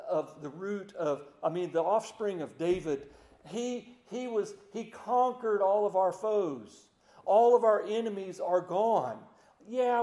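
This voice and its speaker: Folksy male preacher, high-pitched, slows to quiet emphasis, reverberant church sound. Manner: folksy, repeats words, drops to slow hushed emphasis. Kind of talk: sermon.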